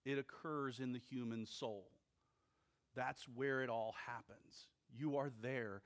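A male pastor delivers a sermon at an unhurried, measured pace. His voice sits at a middle pitch, and he breaks his sentences into short, weighty phrases with deliberate pauses. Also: steady tone. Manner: slow, deliberate preaching with emphatic pauses.

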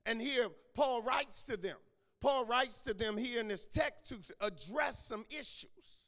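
A man with a high voice preaches a sermon in a church sanctuary. He repeats and restarts his phrases and calls out congregants by name, building to shouts. Long reverb trails off the hall around him. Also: a little slow. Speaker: pastor.

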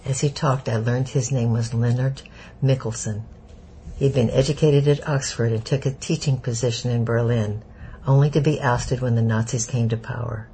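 A man narrating an audiobook in a steady, measured way. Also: mid-range voice, slight background noise, poor audio.

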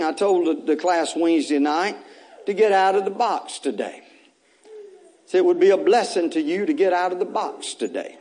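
A man's voice: high-pitched, a little mellow. A pastor preaching an Easter sermon. He repeats phrases to urge the congregation on and breaks in with casual, joking asides. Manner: repetitive, exhorting preaching with bursts of raised intensity.

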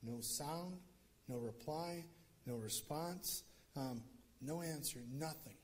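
A man's voice: a little high, takes it slowly, darkish tone. Casual storytelling male preacher. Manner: casual, conversational, joking asides. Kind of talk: sermon storytelling.

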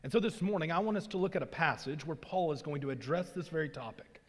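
A man's voice: fairly high pitch, animated, fast talker, big-room sound. A man from Arkansas, preaching a sermon as a pastor in a church, with earnest emphasis that rises on key lines. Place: church sanctuary.

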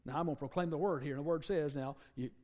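A man preaching a sermon, animated, acting out quotes and joking with the congregation. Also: on the high side, rapid-fire, in a large hall.

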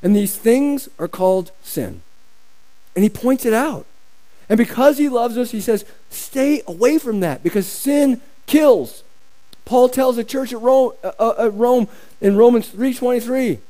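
Male pastor, sermon delivery, high mellow voice, emphatic repetition. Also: a little slow, poor audio. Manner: emphatic, repeats phrases for stress.

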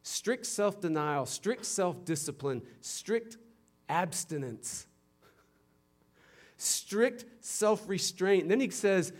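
A male pastor preaching a sermon, swinging from loud emphatic bursts down to hushed low passages, with playful teacherly asides. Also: animated, slow.

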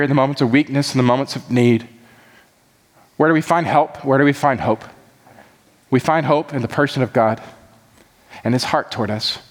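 Impassioned pastor man preaching in a hall. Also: medium pitch. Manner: impassioned, repetitive, builds emphatically. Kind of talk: sermon.

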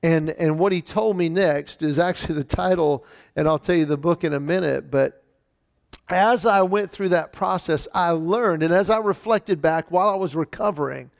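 Male storyteller, fairly high and gravelly, animated live-audience talk. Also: normal speed. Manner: animated, acts out quoted voices with rising pitch. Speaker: speaker telling a personal story.

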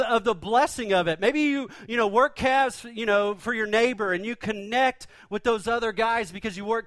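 A man's voice: extremely high pitch, fairly bright tone, no echo. A male pastor preaching a sermon in a conversational, joking storytelling manner.

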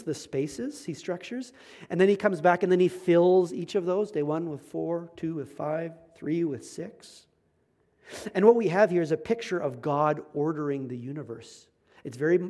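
A man's voice: high-pitched, darkish tone. A male pastor preaching a sermon in a conversational, emphatic way, with self-deprecating asides.

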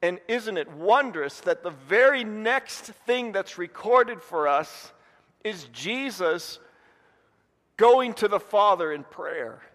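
High-voiced pastor preaching in a reverberant hall. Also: male voice, animated, takes it slowly, a bit bright. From Indiana. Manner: earnest, repeats words when building a point. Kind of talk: sermon.

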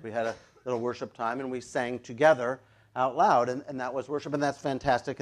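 A man preaching a sermon in a jokey, animated way, breaking into playful shouts. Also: a little high. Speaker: pastor.

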